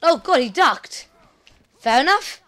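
Woman let's player; high, bright, sharp tone; chatty, excitable, apologetic. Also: takes it slowly. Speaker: let's play gamer. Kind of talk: casual gameplay commentary.

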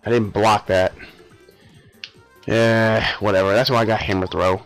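A man's voice: fairly low pitch, fairly even intonation, a little slow, fairly bright tone, smooth, faint music behind, poor audio. A young man casually commenting on a game he is playing, offhand and sarcastic with mumbled asides. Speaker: let's play host.

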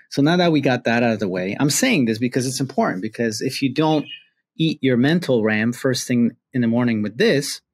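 A man talking to camera in a reflective self-help monologue, earnest and drawing out key words. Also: mid-range voice.

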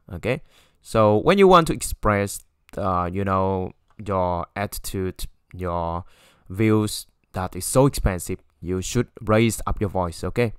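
Guy teaching a lesson, lowish voice, dry sound, says okay a lot and repeats phrases louder. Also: animated, measured pace, clear, resonant tone, dry recording. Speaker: Chinese language teacher. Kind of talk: explaining a textbook lesson.

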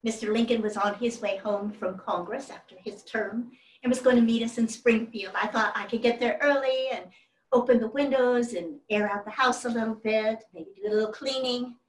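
A woman's voice: a little high, normal speed, natural voice. A woman playing a genteel 1800s widow in a live one-woman historical reenactment, telling family stories in a fond, chatty way. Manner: fond, chatty storyteller with exclamations. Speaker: actress portraying a historical first lady. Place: stage before a live audience. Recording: roomy hall from a distant mic.

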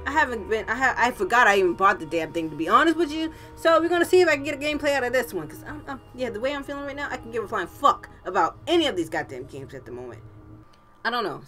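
A woman YouTuber doing let's play commentary, tipsy and frustrated, cursing freely with loud outbursts. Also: a little high, sing-song, quick pace, soft background music. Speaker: gaming YouTuber.

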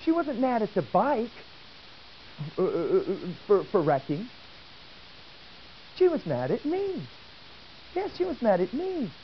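Male lecturer, animated storyteller, lively pitch, dull hissy tape. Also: slow pace, pauses often. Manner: animated, asks the audience questions. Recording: dull old tape with faint hiss.

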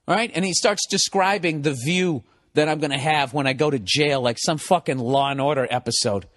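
A comedian in his forties from America, telling a story in an animated, exasperated way, swearing constantly. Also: a little high, fairly quick, no echo, clean studio sound. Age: 40s. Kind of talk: profane comic storytelling.

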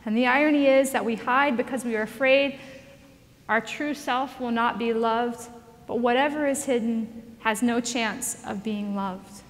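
Woman, somewhat high voice, lively storytelling sermon, long hall reverb. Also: a little slow. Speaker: speaker. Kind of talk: conversational sermon.

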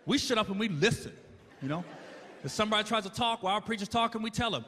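A man's voice: sits high, expressive, fast talker, sharp tone, a little hiss or hum. A man doing a stand-up routine, telling a story wryly and chuckling at his own lines. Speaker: stand-up comedian.

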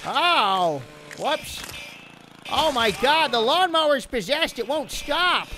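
A man voicing an elderly, chatty cartoon lemon who rambles and exclaims while playing a video game, with clear game noise behind him. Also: high voice. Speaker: game commentator. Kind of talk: let's play commentary.

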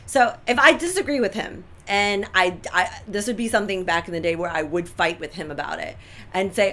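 A woman's voice: medium pitch, brisk, pushed and bright. A middle-aged woman co-hosting a relationship advice chat, talking emphatically and repeating her points for effect. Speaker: co-host giving relationship advice.

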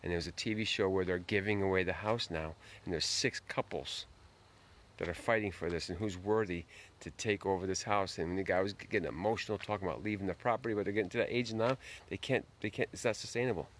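A man's voice: sits low, fast talker, a little hiss or hum. A man hosting a late-night live stream outdoors, greeting viewers by name and giving a folksy, earnest motivational talk.

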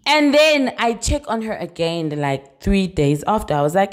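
A woman's voice: mid-range voice, very animated, normal speed. Chatty South African woman vlogger. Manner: chatty, mixes Zulu phrases into English, keeps checking in with "you understand?". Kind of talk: casual storytime vlog.

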